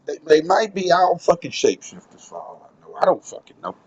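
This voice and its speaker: A man's voice: fairly high pitch, very animated, brisk, darkish tone, slightly rough. A man giving a profane, conspiratorial monologue to his viewers, recorded on a handheld phone in a public spot. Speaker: vlogger. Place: public spot, moved somewhere quieter. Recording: dull lo-fi phone audio with faint noise.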